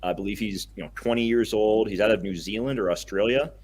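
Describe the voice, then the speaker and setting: A young man co-hosting a casual podcast, chatting enthusiastically and rambling a little, quick to laugh. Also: fairly low pitch, a little mellow, slight background noise. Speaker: podcast co-host.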